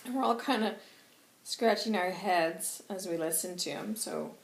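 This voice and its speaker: Chatty gravelly woman giving a reading. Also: medium pitch, a little slow. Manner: chatty, rambling, laughs often. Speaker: channeller giving a monthly reading. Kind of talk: casual spoken reading. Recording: roomy with faint hiss.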